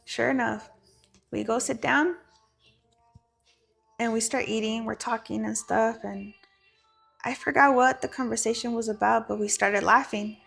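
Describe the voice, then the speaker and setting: Lady guest, kinda raspy fry voice, blunt and sweary, faint music behind. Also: on the high side, steady tone, measured pace, long pauses, a bit bright. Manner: frank and profane, mixing in Spanish phrases. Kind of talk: candid personal storytelling.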